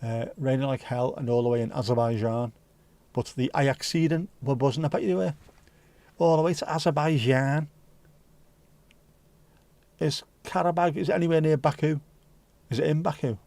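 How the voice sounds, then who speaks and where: Jokey Scouse man with a mellow voice. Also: fairly high pitch, steady tone, normal speed, gravelly, pauses often, no echo. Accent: Liverpool (Scouse). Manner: jokey, rambling, swears freely. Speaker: livestream host. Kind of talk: casual chat reading viewer comments.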